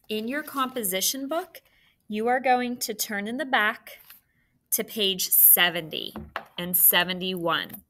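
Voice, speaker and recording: A woman's voice: medium pitch, bright, forceful tone. A woman teaching a phonics lesson to third graders, patient and encouraging. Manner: patient, encouraging, slow and clear. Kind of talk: phonics lesson for young students.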